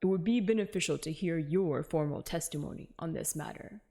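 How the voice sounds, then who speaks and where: A woman doing a gravelly, scornful prosecutor. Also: low voice, a little fast, dark tone, voice pushed down. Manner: scornful, formal. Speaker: game character voiced by streamer.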